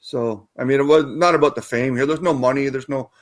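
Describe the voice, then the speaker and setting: A man's voice: mid-range voice, brisk. A man from Canada, a guest researcher, talking casually in an interview, rambling with many fillers and restarts.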